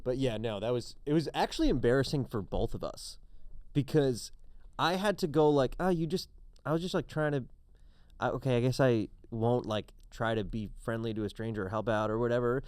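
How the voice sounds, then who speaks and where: A man's voice: mid-range voice, fairly quick, darkish tone, smooth, dry recording, studio quality. A man, a comedian co-hosting a podcast, telling playful stories in casual chat. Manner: playful, laughing, acts out voices in his stories.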